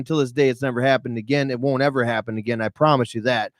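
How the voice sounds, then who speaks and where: A medium-pitched man speaks fast in a dry recording, a podcast guest sharing candid stories. Emotional and profane, he addresses his viewers directly from a podcast studio with cameras.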